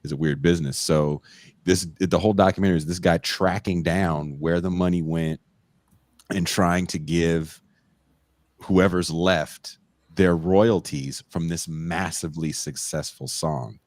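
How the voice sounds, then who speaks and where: A man's voice: low voice, steady tone, measured pace, a little mellow, dry recording, clean studio sound. A man hosting a podcast in casual, joking chat, laughing often and swearing freely. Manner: laid-back, laughs often, profane. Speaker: podcast host.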